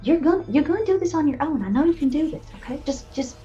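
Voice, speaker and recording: A woman playing her character in a tabletop game, gushing and flattering in a sweet, chatty way. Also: high-pitched, fast talker, dull audio, faint music behind. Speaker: player.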